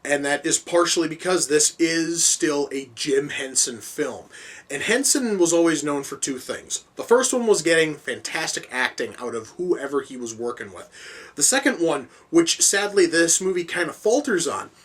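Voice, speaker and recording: A man's voice: on the high side, animated, normal speed, a bit bright, breathy edge, far from the mic. A man giving a casual spoken film review, rambling with many restarts, fillers and the odd swear word.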